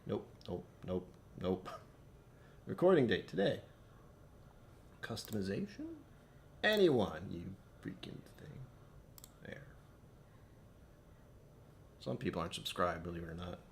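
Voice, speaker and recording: A man's voice: deep voice, sing-song, slow, gravelly, long pauses, slight background noise. A man hosting a casual livestream, chatting with viewers and muttering to himself while he fixes his settings. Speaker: livestream host. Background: faint background music.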